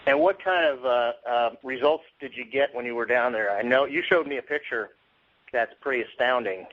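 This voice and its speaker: A man's voice: medium pitch, normal speed. A man co-hosting an interview, asking questions and responding with impressed, affirming remarks. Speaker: co-host. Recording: dull lo-fi audio from off-mic.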